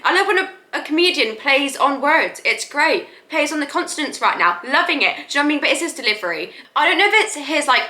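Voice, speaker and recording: Casting: chatty reaction host, high and bright, in an echoey room. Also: female voice. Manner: chatty, repeats "you know". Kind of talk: casual reaction commentary.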